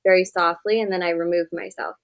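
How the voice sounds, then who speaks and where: A woman with a fairly low voice speaks as a therapist on a podcast. She gives direct, earnest advice in a casual way and fills her sentences with "like". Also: fairly even intonation, a little fast, creaky, poor audio. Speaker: therapist guest. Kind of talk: podcast interview conversation.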